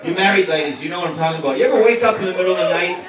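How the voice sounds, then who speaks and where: A man doing a live stand-up set, loud and mocking, shouting his punchlines. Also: sits high, racing, background noise. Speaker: stand-up comedian. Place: comedy club stage. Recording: roomy club sound from a distance, loud crowd. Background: audience laughter.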